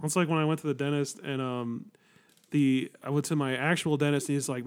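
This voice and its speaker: A man's voice: fairly high pitch, steady tone, fast talker, smooth. A young man co-hosting a podcast, telling wry rambling anecdotes in casual chat. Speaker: podcast co-host.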